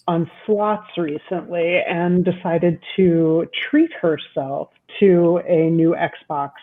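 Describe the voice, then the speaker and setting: Slow rambling woman on a tinny line. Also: lowish voice, husky. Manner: slow, rambling, self-amused. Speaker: podcast co-host. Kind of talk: casual chat. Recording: tinny phone-like line with faint noise.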